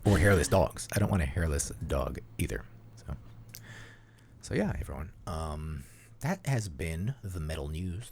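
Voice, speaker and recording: A man's voice: rumbling low, expressive, moderate pace, darkish tone, slight background noise. A man co-hosting a casual podcast, rambling and self-deprecating and leaning heavily on "you know". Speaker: podcast co-host.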